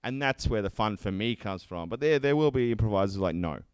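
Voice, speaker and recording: A man who performs improv comedy, chatting casually on a podcast, animated and swearing freely. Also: on the low side, fast, clean tone, no echo. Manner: animated, swears freely, acts out quoted voices.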